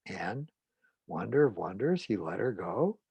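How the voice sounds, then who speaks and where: Gravelly-voiced male psychologist telling a story. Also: on the low side, very animated, a little slow, mellow, no room sound. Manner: frank, conversational. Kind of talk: storytelling a therapy case.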